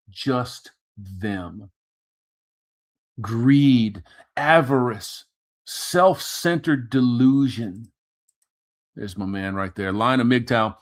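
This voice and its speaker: A man ranting crudely with heavy profanity while commenting on videos he plays. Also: medium pitch. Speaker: commentary streamer. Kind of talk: casual reaction commentary.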